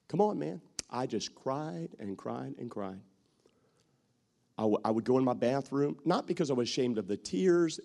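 A middle-aged male pastor delivering a heartfelt sermon in a gravelly voice. His pitch rises and falls with lively swings as he moves from loud, rousing calls to hushed confessions. He often breaks into short acted-out quotes of what others say.

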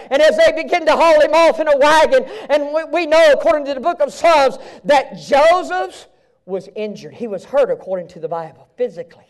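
A man with a strikingly high voice preaches a live sermon. He drops to near-whispers and then rises to shouts, repeating phrases in a fervent cadence. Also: animated, brisk.

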